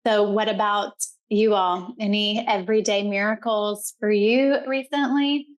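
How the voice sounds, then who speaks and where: Woman on a podcast musing slow and roundabout, mid pitch. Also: fairly even intonation. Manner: reflective, long-winded and roundabout. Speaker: podcast co-host. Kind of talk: casual chat.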